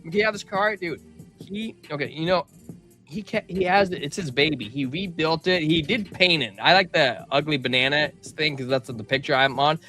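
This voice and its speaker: Co-host, male, young adult, animated rambling storyteller; bright voice, faint music underneath. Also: a little high, moderate pace. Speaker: podcast co-host. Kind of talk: casual livestream chat.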